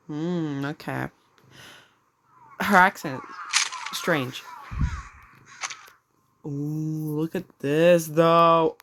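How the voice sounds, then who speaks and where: Low-voiced woman streaming a story game. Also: fairly even intonation, drawn-out words, long pauses, a bit bright. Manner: chatty, talks to her pet while reading. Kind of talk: casual gameplay commentary and reading story text aloud. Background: faint game music.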